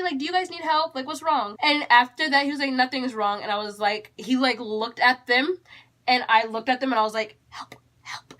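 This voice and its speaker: A teenage girl from Texas telling a storytime vlog in an animated, chatty, exasperated way. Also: sits high. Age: teens. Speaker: YouTuber.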